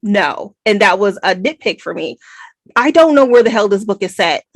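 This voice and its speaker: An American woman co-hosting a book podcast, talking in an emphatic, animated way. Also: medium pitch, normal speed, dry recording. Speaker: podcast co-host. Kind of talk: casual book review chat.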